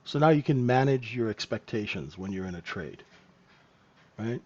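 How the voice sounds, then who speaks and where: With a fairly low, slightly mellow voice, this trainer runs a live trading lesson at a moderate, animated pace. He talks casually and keeps checking in with "right?", and the audio has its highs cut off.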